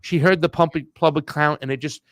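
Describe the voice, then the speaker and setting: A man's voice: a little high, fairly even intonation, fairly quick, no echo. Heated, slangy male co-host, dry mic. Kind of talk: casual political chat.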